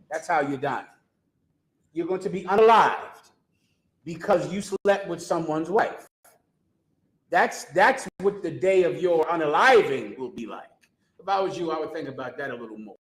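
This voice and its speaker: A man with a fairly high voice delivers a street sermon, speaking emphatically and sarcastically while firing rhetorical questions at his listeners. The audio is poor, with a roomy sound.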